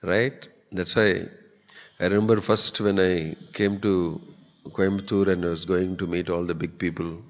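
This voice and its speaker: A man's voice: low-pitched, fairly even intonation, a little slow. A man giving a sermon in a temple hall, earnest and conversational. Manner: earnest, conversational, acts out quoted people. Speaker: spiritual teacher giving a discourse. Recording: dull lo-fi audio with long hall reverb.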